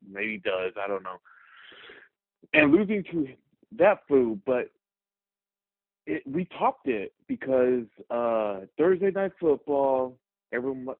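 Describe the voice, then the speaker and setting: Over a tinny phone connection, a Fresno, California caller to a sports radio program goes on an agitated, profane tirade. The man's voice is medium in pitch and the recording is dry.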